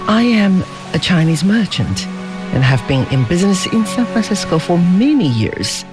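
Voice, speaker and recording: A man reading the part of a Chinese merchant father in an audiobook story, speaking calmly and solemnly. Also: high-pitched, moderate pace, over music. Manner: calm, solemn, earnest.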